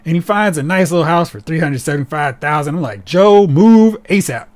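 A man co-hosting a casual podcast, talking in an animated, sarcastic way and slipping into mocking voices. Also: on the high side, fast. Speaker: podcast co-host. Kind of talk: casual chat.

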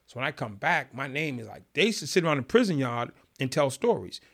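A man's voice: medium pitch, fast, creaky. A middle-aged man, telling his story in an interview and acting out the people in it. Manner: animated storyteller acting out quotes. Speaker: podcast guest.

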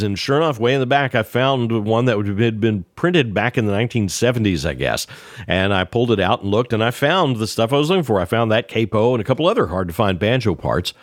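A man telling an anecdote in a lively, casual way, acting out the dialogue as he goes. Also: mid-range voice, dry recording, studio quality. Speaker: banjo player sharing a memory. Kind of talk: storytelling.

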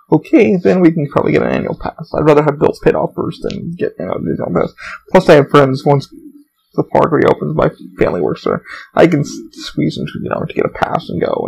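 Gravelly-voiced man rambling casually. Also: a little high, low-quality recording. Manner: rambling, profane, animated quoting of coworkers. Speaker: podcast host; theme park worker.

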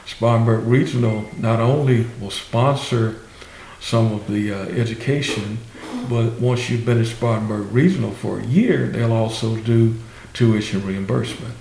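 A man with a low voice gives measured advice on training paths during a panel talk. The recording is echoey, with a soft hiss underneath. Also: fairly even intonation, vocal fry. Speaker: healthcare education representative. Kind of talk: panel discussion answer.

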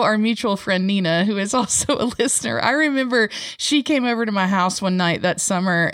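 A woman's voice: on the low side, a bit bright, no echo, clean studio sound. A woman, co-hosting a podcast in casual chat, laughing often and telling rambling stories. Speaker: podcast co-host.

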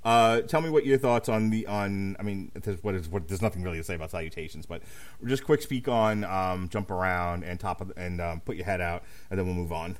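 A man's voice: deep voice, fairly quick. A man hosting a casual podcast chat, teasing his co-hosts, laughing often and swearing. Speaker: podcast host. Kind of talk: casual chat about an album.

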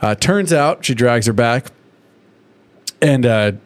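A man in an easygoing podcast chat, middle-pitched and loose, with swearing sprinkled through. He jumps into high, squeaky voices when he acts out the characters he is recapping. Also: animated, takes it slowly. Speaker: podcast co-host. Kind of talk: casual chat.

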